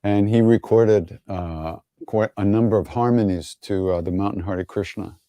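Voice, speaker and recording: A man's voice: lowish voice, moderate pace, warm tone, no room sound, clean studio sound. A man hosting an online gathering, answering viewer questions in an easygoing, wry way, telling stories with many fillers and chuckles. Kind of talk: casual online Q&A storytelling.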